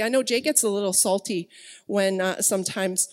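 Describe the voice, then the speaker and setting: A woman's voice: medium pitch, moderate pace. A woman giving a sermon in a chatty way, with laughing asides to her congregation and the online chat. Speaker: pastor. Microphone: streamed service, speaking to online chat.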